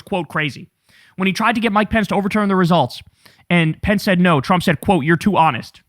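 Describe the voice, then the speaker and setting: A man's voice: high voice, a bit bright. A man giving emphatic, indignant political commentary straight to his viewers.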